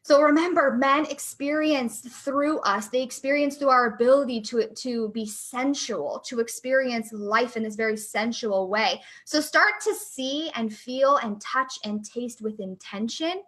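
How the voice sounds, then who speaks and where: A young adult woman coach talking in a casual, chatty and energetic way, with lots of fillers. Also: a little high, measured pace, hardly any pauses. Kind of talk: casual chat.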